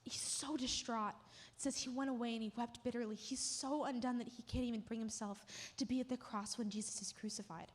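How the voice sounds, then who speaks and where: A woman's voice: fairly high pitch, steady tone, a little fast. A woman giving a sermon, retelling a story vividly with emotional emphasis. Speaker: church speaker. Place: church. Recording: long hall reverb.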